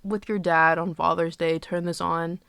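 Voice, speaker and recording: A woman's voice: lowish voice, little pitch movement, normal speed, gravelly, fairly bright tone, clear, resonant tone, dry recording. A woman giving casual movie reviews in a candid, joking, sarcastic way, with profane asides. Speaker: film reviewer.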